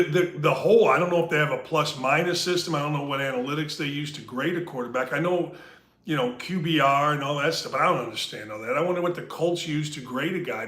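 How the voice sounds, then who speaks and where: A man hosting a casual sports podcast, animated and jokey, sometimes speaking straight to the listeners. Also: fairly high pitch, reverberant. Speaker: podcast host.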